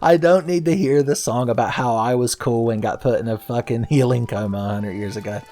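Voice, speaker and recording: Brisk and mellow, with a medium pitch, this thirty-something man hosts a let's play, commenting casually on the gameplay. His asides are jokey, sarcastic and sometimes profane, and faint game music sits in the background.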